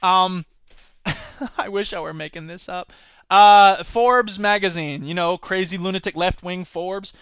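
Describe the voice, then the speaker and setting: A man's voice: high-pitched, normal speed, a bit bright, smooth, no room sound. A man hosting a solo podcast, reading news and mocking it with sarcastic asides and put-on voices. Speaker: podcast host.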